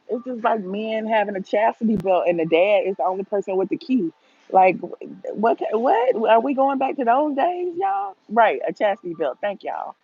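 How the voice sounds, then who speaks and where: A woman's voice: medium pitch, breathy edge, dry recording, phone-quality sound. A woman talks casually to her viewers in a livestream, speaking her opinions bluntly and reading out their comments as she goes. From Atlanta, USA. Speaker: gossip vlogger answering live chat.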